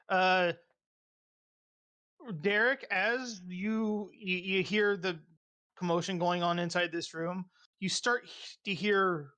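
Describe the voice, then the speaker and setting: Casual, halting game master. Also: mid-range voice, fairly bright tone. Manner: casual, halting, lots of fillers. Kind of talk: narrating a tabletop game.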